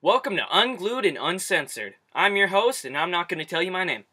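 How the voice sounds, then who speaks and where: A man's voice: high voice, animated, fairly quick, bright, forceful tone, slightly rough. A young man from Canada hosting a comedy show, ranting in a profane, exasperated way. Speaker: host. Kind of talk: comedic rant.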